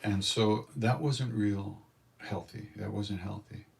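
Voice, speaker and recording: An older man telling stories at a spiritual gathering, animated and acting out what others said. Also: lowish voice, slow pace, creaky, far from the mic, slight background noise. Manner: animated storyteller, acts out quotes. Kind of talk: storytelling satsang talk.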